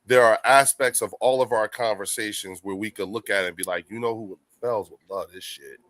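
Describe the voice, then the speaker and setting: Deep, rugged-voiced man hosting. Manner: relaxed, drawn-out, says "you know what I'm saying" often. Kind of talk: casual chat.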